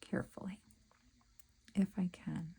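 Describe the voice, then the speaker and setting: A middle-aged woman chatting casually to her viewers while she works on a craft project, talking to herself in soft asides. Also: fairly low pitch, steady tone, measured pace, creaky, slightly rough, poor audio. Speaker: crafting vlogger.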